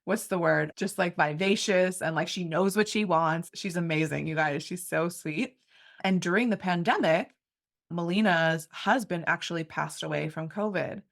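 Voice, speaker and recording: A woman in her thirties hosts a heartfelt conversational interview. Her voice sits a little low, and she gushes warmly about her guest, with lots of "like" and "you know" fillers. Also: moderate pace, vocal fry. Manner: effusive, gushing, filler-heavy. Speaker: interview host.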